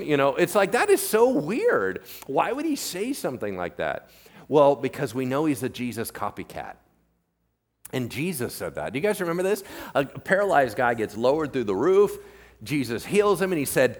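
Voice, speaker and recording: A man who is a pastor, preaching a sermon in casual, animated storytelling style, acting out biblical characters in everyday modern voices and often asking the congregation to agree. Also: on the high side, moderate pace.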